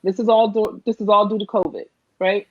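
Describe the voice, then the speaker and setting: A woman's voice: mid-range voice, flat delivery, brisk, highs cut off. Emphatic woman with a New Jersey accent. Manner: earnest, emphatic, says "right?" often. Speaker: political candidate. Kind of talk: online panel conversation.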